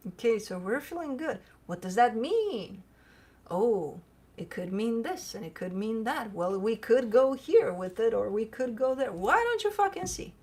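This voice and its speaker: Husky-voiced woman host, casual at-home chatter, playful and profane. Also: mid-range voice, darkish tone. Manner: chatty, swears casually, coos baby talk at her dog. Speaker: tarot reader and channel host. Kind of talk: casual chat to camera.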